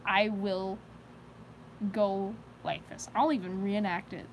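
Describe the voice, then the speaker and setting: A woman's voice: medium pitch, fairly even intonation, a little slow, slight background noise, low-quality recording. Giggly, rambling teenage girl streamer. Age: teens. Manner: rambling, giggly, many fillers. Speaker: live streamer. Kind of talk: casual chat.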